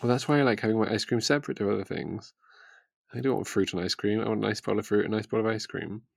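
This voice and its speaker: A man with an English accent co-hosting a casual chat, laughing often and dropping wry, deadpan quips. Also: on the low side, fast, gravelly, no echo, clean studio sound. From England. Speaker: podcast co-host.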